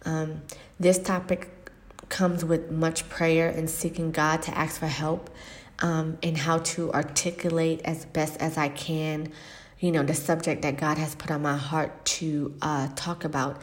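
A woman hosting a faith-based podcast, speaking earnestly and reflectively with frequent pauses and fillers. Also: low-pitched, little pitch movement. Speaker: podcast host. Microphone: podcast microphone.

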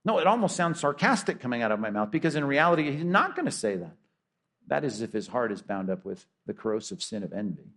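A man's voice: medium pitch, very animated, fast talker, creaky, a bit bright. Emphatic male preacher. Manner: emphatic, rhetorical questions, acts out quotes. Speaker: pastor. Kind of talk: sermon.

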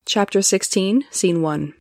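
A woman's voice: mid-range voice, measured pace, darkish tone, dry recording, studio quality. A woman podcast host reading a novel aloud, with wry, chatty comments between the passages.

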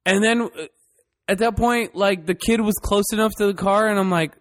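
A man's voice: high-pitched, moderate pace. A man co-hosting a casual podcast chat, telling a story with lots of swearing. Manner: animated storyteller, swears often. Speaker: podcast co-host.

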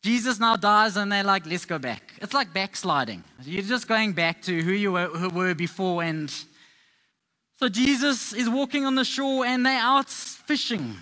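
A man with a high, bright voice preaches a sermon to a live congregation. He tells Bible stories in a playful, chatty way, as if talking with friends. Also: a little slow. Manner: playful, conversational storytelling. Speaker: pastor.

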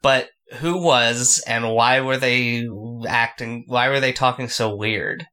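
A man in casual chat, discussing a story and agreeing often with quick interjections. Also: medium pitch, steady tone, bright, forceful tone.

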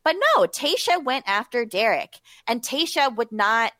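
A woman's voice: fairly high pitch, expressive, unhurried, pushed and bright, dry recording. A woman co-hosting a podcast, chatting casually with stammering restarts and frank opinions. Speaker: podcast co-host. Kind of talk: casual chat recapping a reality show.

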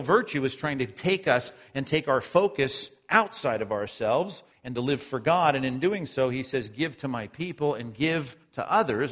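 A man preaching a sermon as a pastor, explaining scripture earnestly, sometimes loud and sometimes soft. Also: medium pitch.

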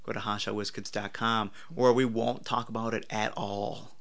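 Bright-voiced playful male podcast host. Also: on the low side, flat delivery, moderate pace, gravelly. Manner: playful, jokey, enthusiastic. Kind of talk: casual chat.

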